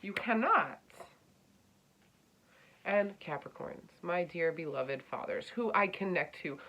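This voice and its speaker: A woman giving a casual spoken astrology reading, blunt and swinging from hushed near-whispers to loud, emphatic bursts. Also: on the low side, lively intonation, takes it slowly, lo-fi sound. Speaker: astrology reader.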